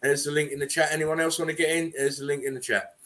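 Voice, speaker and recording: A man's voice: on the high side, flat delivery, quick pace, a bit bright. A man hosting a casual livestream chat, talking loosely with many fillers and repeated words. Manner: loose, repetitive, with frequent "um" and "uh". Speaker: livestream host.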